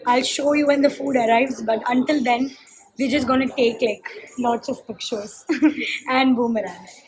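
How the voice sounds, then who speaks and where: A young adult college student from Chennai, India, chats casually to her viewers in a vlog, filming on a handheld phone. Her fairly high voice keeps a measured pace, and she talks straight to camera with fillers. The recording is rough, with a crowd in the background.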